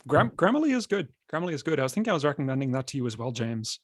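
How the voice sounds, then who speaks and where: A man's voice: medium pitch, sing-song, rapid-fire, no echo, clean studio sound. A man hosting a writers' podcast in casual, upbeat chat, joking with his co-hosts. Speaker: podcast host.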